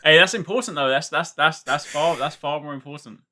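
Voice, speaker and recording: A man's voice: on the high side, a little fast, crowd noise. A man, a content creator, chatting casually as a guest. He tells stories with a lot of exaggeration and often breaks off and restarts. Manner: animated, exaggerated storytelling, frequent self-interruptions. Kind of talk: casual chat.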